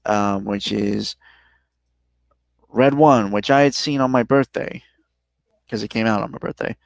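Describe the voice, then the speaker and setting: A tired man with a smooth, resonant voice and a gravelly fry talks casually on a podcast. He hedges his points and starts many of them with "um". The recording is dry and close. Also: on the low side, measured pace, dry recording. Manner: relaxed, hedging, frequent "um". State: tired, yawning. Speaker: podcast co-host. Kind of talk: casual chat, movie review.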